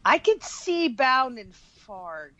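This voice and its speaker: A woman's voice: high voice, very animated, slow pace, sharp tone, no room sound, dull audio. A woman co-hosting a casual podcast, playful and wry. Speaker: podcast co-host.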